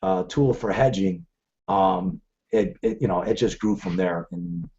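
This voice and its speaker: A middle-aged man hosts a live trading webcast, his lowish, warm voice moving at a measured, sing-song pace with some vocal fry. He rambles freely from one story to another, often restarting sentences. The audio sounds dull and lo-fi.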